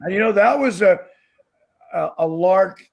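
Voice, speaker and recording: A man telling dry, halting anecdotes in a casual Q&A on a video call. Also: high voice, lively intonation, creaky, darkish tone. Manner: dry storyteller, halting with fillers.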